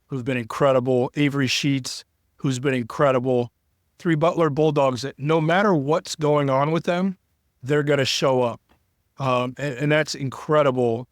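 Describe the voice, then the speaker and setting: A sports broadcaster from Cincinnati, United States, is the guest in a candid conversational interview. Earnest, heartfelt and long-winded, he sounds close to tears, his medium-pitched voice recorded without echo.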